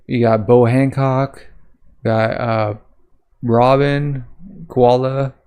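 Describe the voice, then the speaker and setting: A man hosting a comic reaction video, reading aloud and commenting casually, often pausing with ums as he searches for names. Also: mid-range voice, little pitch movement, darkish tone, clear, resonant tone. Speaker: manga reaction host.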